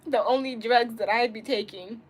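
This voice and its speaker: A young woman live-streaming from her bedroom, chatting casually with viewers and reading their comments, bubbly and giggly, swinging between loud outbursts and low mumbles. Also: fairly even intonation, moderate pace, husky.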